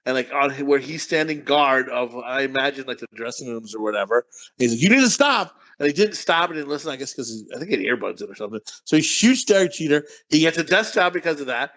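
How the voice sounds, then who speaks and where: A man co-hosting a casual podcast chat, talking fast, skipping words and acting out characters' lines as he retells a story. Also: medium pitch, expressive, fairly bright tone. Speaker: podcast co-host.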